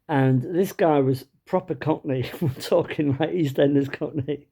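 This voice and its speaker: A man's voice: a little high, measured pace, vocal fry, few pauses, dark tone, husky. A man spinning a funny everyday anecdote in a loose, conversational way. He is dry and wry, with plenty of fillers and restarts along the way. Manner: chatty, wry, lots of fillers. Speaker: storyteller. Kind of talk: comic anecdote told to camera.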